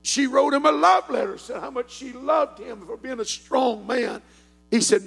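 An older man with a Southern US accent preaching a sermon in a folksy storytelling manner that builds into fervent shouting. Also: very high voice, expressive, moderate pace, creaky, husky, soft background music. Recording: long hall reverb.

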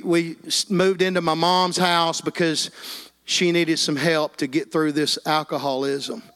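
A man's voice: on the high side, fairly bright tone, clear, resonant tone. A middle-aged man, preaching a sermon with personal testimony and peppering it with amens and hallelujahs.

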